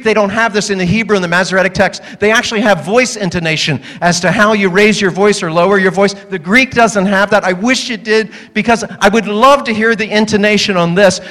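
A pastor delivering a humorous sermon to a congregation, animated and joking, acting out the voices in his stories. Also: high-pitched, long reverb tail.

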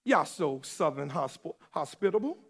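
A man preaching a sermon as pastor. He swings from shouted, emphatic lines to low, quiet asides. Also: sing-song, measured pace, slightly rough, in a large hall. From New York or New Jersey area.

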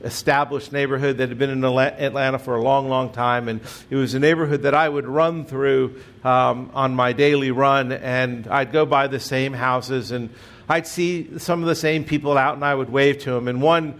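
A man's voice: medium pitch, fairly even intonation, moderate pace, a bit bright. A middle-aged man preaching a sermon as pastor, telling stories in a conversational way with self-deprecating humor.

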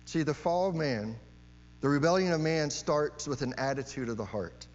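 A man preaching a sermon in a fairly high voice, pressing his points by repeating key phrases and tossing out rhetorical questions. His voice carries a long hall reverb, with a dull, muffled sound and a faint electrical hum underneath. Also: lively intonation, moderate pace.

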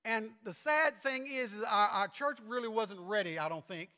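Earnest high-voiced preacher in a reverberant hall. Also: male voice, pushed and bright. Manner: earnest, halting, repeats words. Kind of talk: sermon with personal stories.

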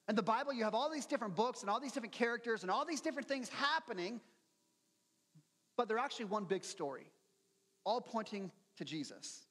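Middle-aged male pastor, high voice, conversational sermon, long reverb. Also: fairly bright tone. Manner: conversational, earnest, repeats words when starting sentences.

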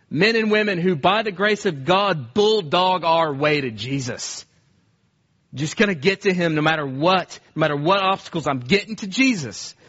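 A man's voice: on the high side, fairly bright tone, lo-fi sound. A male pastor preaching a sermon with passion, often repeating phrases and acting out quoted cries.

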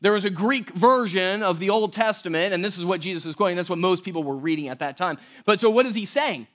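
A man preaching a sermon as pastor, conversational and animated, often checking in with the audience. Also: sits high, fast.

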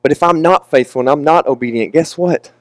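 A man's voice: a little high, brisk, no room sound. Emotional young male preacher, candid. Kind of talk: sermon.

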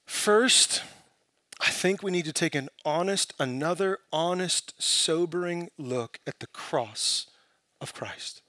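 A man preaching a sermon, building from quiet, searching questions to impassioned, emphatic peaks. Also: a little high, takes it slowly, no echo. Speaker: pastor.

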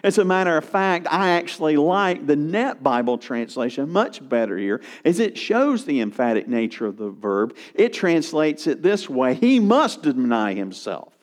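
Male pastor, sermon delivery, emphatic with wide swings in volume, pitch a bit high. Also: animated, normal speed, hardly any pauses.

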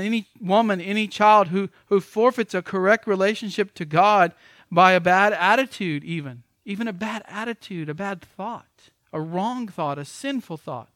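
A man's voice: high voice, a bit bright, no room sound, studio quality. A man who is a pastor, preaching a sermon with emphatic repetitions.

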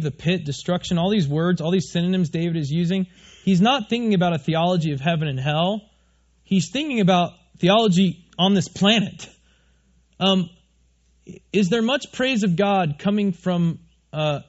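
A man with a high voice preaches a lively sermon from a church stage, often turning questions back to his congregation. The recording is a little muffled and lo-fi. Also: moderate pace. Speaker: pastor.

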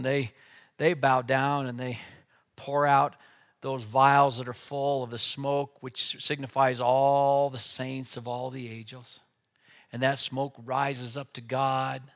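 A man preaching a sermon with dynamic delivery, dropping to a hush and then rising to loud, emphatic lines. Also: mid-range voice.

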